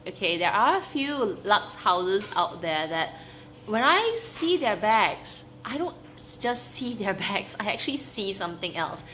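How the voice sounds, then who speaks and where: Slight background noise sits behind a young woman's medium-pitched, unhurried voice as she chats to the camera in a vlog. Her delivery is lively and emphatic, full of laughs and repeated "okay?"s to stress her points.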